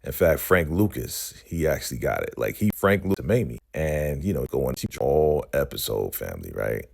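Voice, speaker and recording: A man's voice: rumbling low, animated, normal speed, creaky. A man casually recapping a TV episode in loose, slangy talk, tagging lines with "right?" and "you know".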